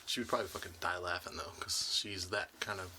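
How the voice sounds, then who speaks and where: A man's voice: deep voice, fairly even intonation, fast talker, noisy background. A man co-hosting a casual podcast, telling anecdotes and laughing often. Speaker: podcast co-host. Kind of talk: casual chat.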